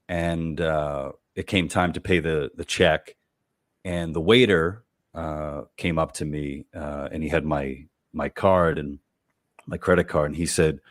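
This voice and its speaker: A man, a comedian, telling personal stories in relaxed conversation, halting with lots of fillers and repeated words. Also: rumbling low, dry recording, clean studio sound. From United States. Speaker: comedian guest.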